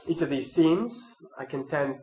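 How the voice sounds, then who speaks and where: A man with a nasal, congested voice from a cold delivers scripture and a measured sermon. His pitch sits a little high for a man. The sound is roomy and echoing, with a faint ambient hiss behind it. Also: lively intonation. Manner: measured, reflective, with soft asides. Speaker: preacher leading an Advent talk series. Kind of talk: scripture reading then sermon talk.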